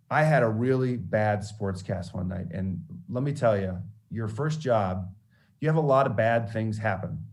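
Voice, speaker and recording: A sportscaster with a lowish voice gives a mentoring talk to students, telling candid stories about mentors and failure. He's an animated storyteller who restarts his sentences often.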